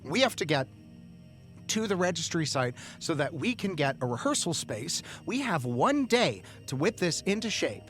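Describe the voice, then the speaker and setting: A man voicing an impatient, bossy mother who scolds with sharp sarcasm. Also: on the high side, very animated, normal speed, soft background music. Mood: scolding.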